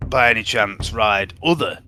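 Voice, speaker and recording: A man playing a tabletop game, jokey and rambling, quick to laugh. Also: fairly low pitch, pushed and bright, soft background music. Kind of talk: in-character role-play chat.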